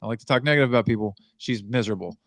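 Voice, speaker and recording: A man's voice: mid-range voice, very fast, dry recording. Man co-host, chatty and laughing, close dry sound. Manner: laughs often, rambling and venting. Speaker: podcast co-host. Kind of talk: casual chat.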